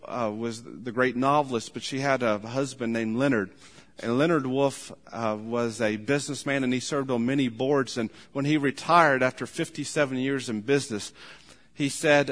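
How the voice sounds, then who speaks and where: A man's voice: mid-range voice, a bit bright. A man preaching a sermon as pastor, earnest and emphatic, often restarting his sentences. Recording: long hall reverb.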